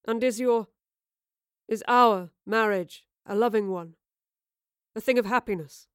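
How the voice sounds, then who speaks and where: A woman doing a proud, sharp-tongued young man. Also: high-pitched, unhurried, clear, resonant tone, no echo, clean studio sound. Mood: searching. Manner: formal, cutting remarks.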